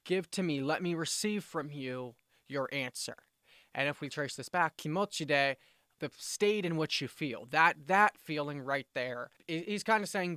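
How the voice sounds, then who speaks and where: A man teaching vocabulary in a relaxed, explanatory way, restating points and acting out quick example phrases. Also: on the high side, clean tone, no echo, studio quality. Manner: explanatory, self-correcting, with brisk demonstrations. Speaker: language teacher. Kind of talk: casual spoken lesson.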